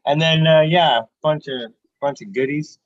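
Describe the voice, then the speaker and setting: A man's voice: a little high, unhurried, no echo. A man co-hosting a live stream, chatting loosely and swearing freely. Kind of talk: casual chat. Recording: dull lo-fi sound.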